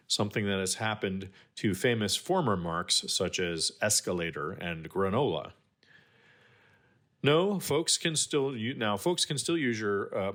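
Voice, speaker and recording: A man giving a scripted, measured explainer on trademark law as a guest expert, with the odd dry aside. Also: lowish voice, fairly bright tone.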